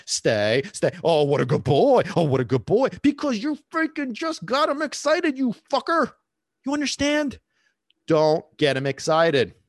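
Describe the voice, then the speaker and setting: A man's voice: fairly high pitch, dry recording, studio quality. A man hosting a dog-training podcast, talking bluntly and cursing, teasing listeners with quiz questions. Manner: lively, jumps between loud and hushed. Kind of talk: solo podcast talk.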